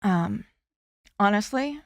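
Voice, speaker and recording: A woman in her forties, a candidate speaking earnestly and heartfelt in a podcast interview, often pausing with "you know". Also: mid-range voice, lively intonation, creaky, dry recording. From Florida. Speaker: congressional candidate guest.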